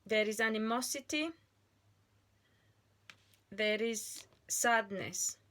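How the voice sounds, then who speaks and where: Slow, earnest woman giving a tarot reading. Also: on the high side, fairly bright tone. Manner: slow and deliberate, with frequent pauses and restarts. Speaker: tarot reader.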